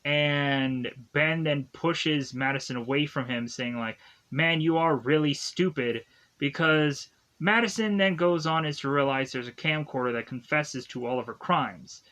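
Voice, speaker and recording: A man with a slightly high voice walks through a movie's plot at an unhurried pace. He rambles in a casual, filler-laden way, like a reviewer thinking aloud. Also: bright, forceful tone. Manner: rambling, filler-heavy retelling with many "like" and "is to go on". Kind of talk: casual spoken plot recap.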